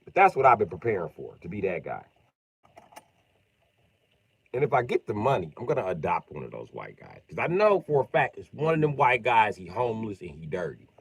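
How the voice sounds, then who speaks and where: A man's voice: lowish voice, wildly swooping pitch, fast, creaky, few pauses, breathy edge, dry recording. A man telling a comic story on a live stream and jumping animatedly between character voices. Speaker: comedian streamer.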